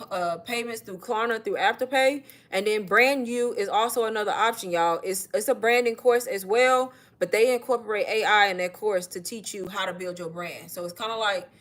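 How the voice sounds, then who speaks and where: A woman's voice: medium pitch, a bit bright. A chatty woman on a livestream. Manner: chatty, addresses viewers as y'all. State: out of breath. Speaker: online marketing creator. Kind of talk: casual livestream sales talk.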